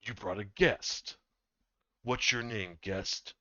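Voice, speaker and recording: A man voicing a gruff, rude, very tall dwarf smith who talks bluntly, heard in dull, dry lo-fi audio. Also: lowish voice, slow, pushed and bright, no room sound. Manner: blunt, curt.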